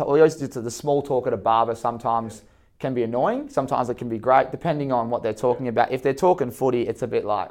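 An enthusiastic Australian interviewer with a gravelly, fry-laden voice in a mid-range pitch. He chats loosely and laughs along with his guest. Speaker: interviewer host. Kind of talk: casual interview chat.

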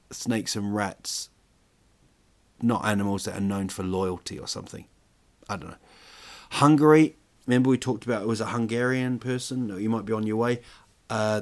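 A man with a fairly low voice rambles through a joking monologue as host. He wanders, fills pauses with "um" and stretches of thought, and keeps it loose and comic. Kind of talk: casual comedic monologue.

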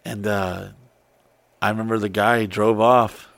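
A man's voice: on the low side, measured pace, gravelly, no room sound. A man telling a wild story in casual chat, swearing freely and acting out what people said. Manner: profane, excitable, acts out quotes.

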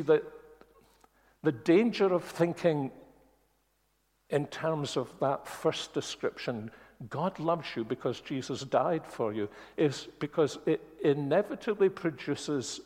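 A man preaching a sermon in a church, speaking earnestly and slowing on key words. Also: fairly high pitch, animated, darkish tone. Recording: long reverb of a church hall.

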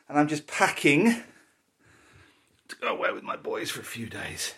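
A vlogger in his forties packs at home indoors, chatting casually and candidly, rambling and stopping between thoughts to talk to his dog. He's out of breath from the stairs, and his fairly high, sing-song voice is brisk with a fairly bright tone.

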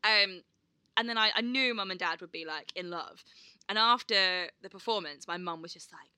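Young woman, podcast co-host, very bright, dry close sound, chatty and laughing. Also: medium pitch, normal speed, smooth, dry recording. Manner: chatty storyteller, laughs often, swears casually. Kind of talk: casual chat.

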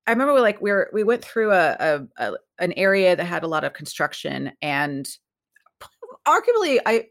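A woman chatting casually as a podcast guest, telling lively stories and acting out the people she quotes. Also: fairly low pitch. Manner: animated, acts out quoted voices. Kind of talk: casual storytelling chat.

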